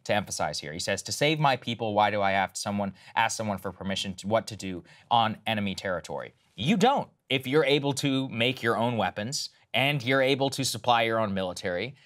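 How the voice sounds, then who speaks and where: A man's voice: expressive, brisk, hardly any pauses. Emphatic sarcastic political co-host, man. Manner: emphatic, sarcastic, swings loud and high on points. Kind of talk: opinionated political commentary.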